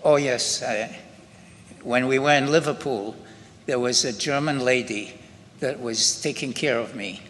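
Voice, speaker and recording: An older man with a Scottish accent, giving slow, halting spoken testimony to an audience in a synagogue hall. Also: mid-range voice, fairly bright tone. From Scotland. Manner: slow, halting storytelling with many pauses and restarts. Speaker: Holocaust survivor giving testimony. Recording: reverberant hall with faint ambient noise.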